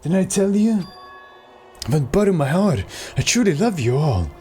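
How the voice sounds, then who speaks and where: A streamer voicing an unsettlingly polite young man obsessed with hope, speaking softly while reading game dialogue aloud. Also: mid-range voice, sing-song, normal speed, faint music behind, lightly acted. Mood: earnest.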